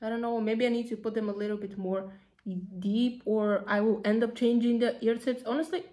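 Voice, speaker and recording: A woman talking casually through an unboxing, excitable and chatty, gushing over each item with lots of fillers. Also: fairly high pitch, brisk. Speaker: vlogger.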